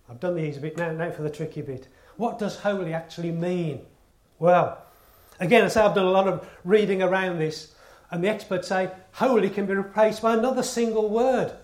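A man's voice: sits high, moderate pace, a little mellow. A man preaching a sermon in earnest tones, stressing his points through repetition and rhetorical questions. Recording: echoey room.

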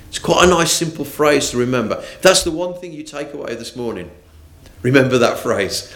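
A man preaching a morning sermon, reading scripture and speaking with deliberate emphasis. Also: mid-range voice, sing-song, a bit bright. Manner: slow, deliberate, with rising and falling emphasis.

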